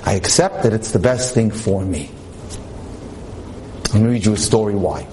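A man's voice: fairly low pitch, animated, moderate pace, warm tone, slight background noise. A man giving an inspirational religious talk, telling stories and translating Hebrew quotes into English as he goes. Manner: mixes Hebrew terms into English speech. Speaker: religious lecturer.

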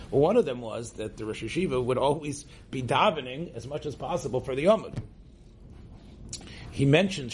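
A man's voice: mid-range voice, darkish tone, slight background noise. A man from the United States, a rabbi teaching a class to a room of listeners, speaking in a loose conversational way and often checking in with "right?". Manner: conversational, tags points with "right?", restarts often. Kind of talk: informal religious lecture. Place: classroom with an audience.

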